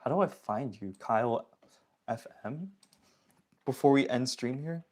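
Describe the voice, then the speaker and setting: A young man talks loosely to his livestream chat at an everyday middle pitch. He is slangy and chatty, reading comments aloud straight into his phone. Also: unhurried, darkish tone. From Toronto area, Canada. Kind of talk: casual livestream chat with viewers.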